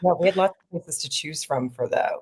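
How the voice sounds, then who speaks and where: Chatty middle-aged woman host, low and husky, casual behind-the-scenes talk. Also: fairly quick, darkish tone. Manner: chatty, rambling, laughs often. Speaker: sketch comedy creator and lead actor.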